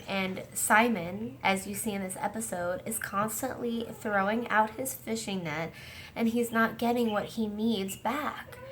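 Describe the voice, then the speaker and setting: Earnest woman excitedly retelling an episode. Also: medium pitch, a little hiss or hum. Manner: earnest and enthusiastic, acts out scenes in quoted voices. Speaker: host discussing a series. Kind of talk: casual video discussion.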